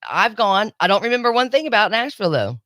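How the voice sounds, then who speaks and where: Wry, sarcastic woman radio host, lively pitch, dry studio mic. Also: fast talker, no room sound. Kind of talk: casual morning radio banter. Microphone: studio microphone.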